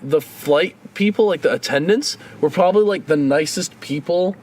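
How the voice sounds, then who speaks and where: Animated young man telling a story. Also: on the high side, moderate pace, slight background noise. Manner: animated, swears, acts out dialogue. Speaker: podcast co-host. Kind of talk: casual storytelling chat.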